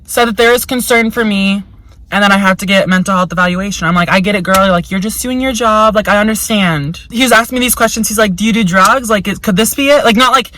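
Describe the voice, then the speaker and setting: In this poor-quality vlog clip with slight background noise, a young woman talks fast as she tells a story. Her mid-range voice is pushed and bright. She's frank and chatty, swearing heavily, leaning on "like" as filler, and imitating voices when quoting others.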